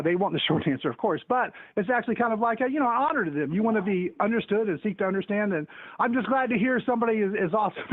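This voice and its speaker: This high-pitched caller phones a talk show and chats loosely, joking and tripping over himself into frequent restarts. The call sounds tinny and dry, with no echo.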